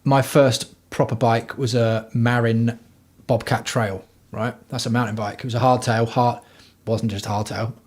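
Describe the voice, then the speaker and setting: A man's voice: medium pitch, little pitch movement, measured pace. Blunt, swearing man on a livestream. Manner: profane, blunt, rambling. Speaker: livestream host. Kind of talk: casual rambling livestream chat. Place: at home.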